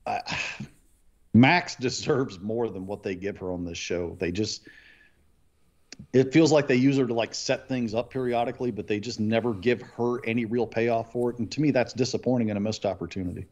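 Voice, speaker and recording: A man's voice: lowish voice, darkish tone, muffled recording. A man on a podcast panel giving his opinions in casual chat, thinking aloud with false starts.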